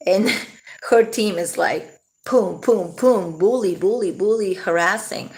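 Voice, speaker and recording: A woman's voice: mid-range voice, takes it slowly, a little mellow. A woman vlogging casually, rambling and laughing often as she talks. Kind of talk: casual commentary to camera.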